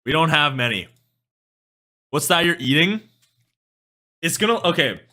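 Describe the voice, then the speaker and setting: A man's voice: a little high, animated, unhurried, sharp tone. A young man from western Canada with a Canadian accent, chatting casually and rambling to his live-stream chat. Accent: Canadian English. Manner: rambling, loses train of thought, swears casually. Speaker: music streamer.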